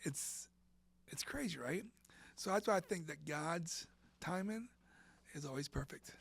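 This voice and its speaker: A man in his fifties, an interview guest telling his personal story in an animated way, often repeating words and acting out what others said. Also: on the high side, normal speed, creaky, breathy edge. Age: 50s. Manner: animated, acts out quoted voices, repeats words.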